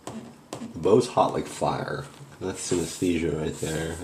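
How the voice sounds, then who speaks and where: This host of a spoof ghost hunt speaks at an extremely low pitch, slowly, with vocal fry and a darkish tone. The room is echoey with slight background noise, and he rambles while putting on fake panic and awe for comic, mock-serious effect.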